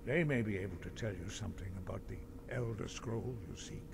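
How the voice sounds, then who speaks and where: An actor playing a solemn old male monk in a game, speaking in a grave, measured way over loud game ambience. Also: fairly low pitch, gravelly, a little hiss or hum. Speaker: game character.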